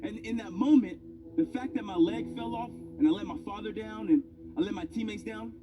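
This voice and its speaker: A man's voice: high-pitched, brisk, far from the mic, highs cut off, noisy background. A man in his thirties giving a motivational speech, telling a personal story with emphatic, building delivery. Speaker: motivational speaker. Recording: speech over loud background music.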